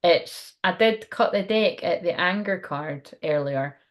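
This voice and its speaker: A woman's voice: fairly low pitch, unhurried. A young woman giving a casual, frank tarot reading on a livestream, laughing often and swearing now and then. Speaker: tarot card reader.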